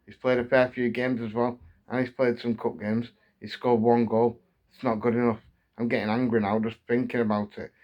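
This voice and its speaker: A man's voice: mid-range voice, flat delivery, normal speed, muffled recording. A man in his thirties from England, an angry football fan ranting on his channel, repeating himself as his frustration builds. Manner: heated, repetitive, building frustration. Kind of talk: angry fan rant to camera.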